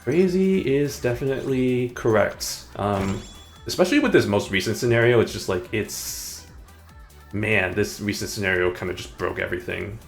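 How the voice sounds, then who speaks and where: A man's voice: fairly low pitch, moderate pace, creaky, faint music behind. A man streaming a game live, chatting casually, rambling and muttering to himself between chuckles. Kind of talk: casual live gameplay chat.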